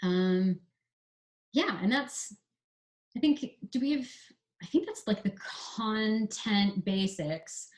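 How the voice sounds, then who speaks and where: A Canadian woman who writes screenplays, chatting through writing advice in a relaxed interview and spelling out examples. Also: medium pitch, slow. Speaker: screenwriter guest. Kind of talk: casual explanatory interview talk.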